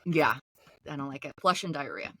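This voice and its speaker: Woman podcaster, casual recap chat, low voice, dry, laughs often. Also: animated, fairly quick, pushed and bright, slightly rough, no room sound, poor audio. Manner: chatty, laughing, acts out quotes. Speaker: podcast co-host.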